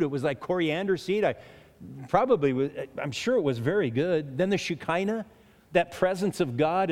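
This pastor's voice is on the high side and darkish in tone. He preaches in a casual, chatty manner, repeatedly restarting and chuckling between his points, all captured with a long hall reverb.

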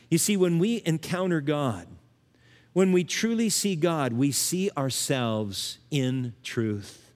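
An older man preaching a sermon in a church, earnest, rising to emphatic lines and dropping to hushed, low ones. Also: takes it slowly, long reverb tail. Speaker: pastor.

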